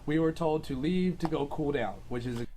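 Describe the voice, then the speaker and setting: A man's voice: on the high side, a little fast, dark tone, a little hiss or hum. A man telling his side of a dispute casually, rambling with many fillers. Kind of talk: casual storytelling.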